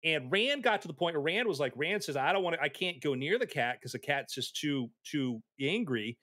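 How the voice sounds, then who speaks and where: A man telling anecdotes in a casual chat, animated and acting out the voices of people in his stories. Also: on the high side, moderate pace, no room sound. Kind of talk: casual storytelling.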